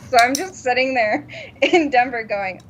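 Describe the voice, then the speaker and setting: A woman's voice: sits high, measured pace, slight background noise. A woman co-hosting a podcast, telling a story in casual chat, laughing often and acting out what people said. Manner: animated, laughs often, acts out quotes. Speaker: podcast co-host. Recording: dull lo-fi sound.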